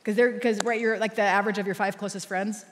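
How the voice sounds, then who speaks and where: A woman's voice: mid-range voice, steady tone, quick pace, a little hiss or hum. A woman giving a sermon in a church, telling a personal story and laughing often. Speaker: church speaker. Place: church auditorium. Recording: long reverb of a large hall.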